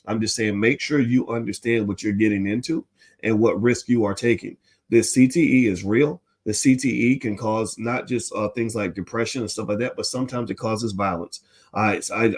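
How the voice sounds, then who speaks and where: A man hosting a livestream commentary, animated and preachy, who speaks straight to his chat. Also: lowish voice. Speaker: host.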